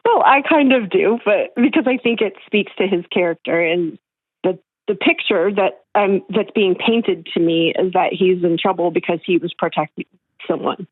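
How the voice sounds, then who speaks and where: A woman's voice: on the low side, normal speed, husky, dry recording. A woman calling in to an advice show, speaking hesitantly with many fillers. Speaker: caller. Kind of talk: call-in question. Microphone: telephone. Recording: tinny phone line.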